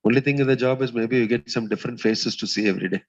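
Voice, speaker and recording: Swami telling a parable. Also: male voice, medium pitch, slightly rough, muffled recording. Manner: storytelling, acts out quoted voices, pauses with "uh". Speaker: swami giving a spiritual talk. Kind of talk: sermon. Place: community hall.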